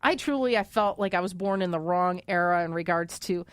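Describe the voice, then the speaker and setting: A woman's voice: on the low side, fairly quick, clear, resonant tone, no echo. Chatty woman, dry close sound. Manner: rambling, with many fillers and frequent laughter. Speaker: co-host. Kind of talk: casual chat about movies.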